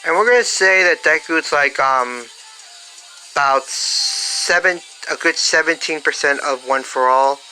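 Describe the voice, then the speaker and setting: Slow, halting fan-fiction storyteller. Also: medium pitch, bright, forceful tone, faint music behind, poor audio. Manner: halting, many fillers and restarts. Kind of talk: improvised fan-fiction narration.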